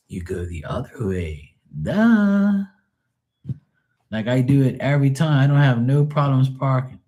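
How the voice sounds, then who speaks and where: Mellow-voiced man telling profane stories. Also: medium pitch. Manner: profane, rambling storyteller. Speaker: live stream host. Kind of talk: casual live stream chat.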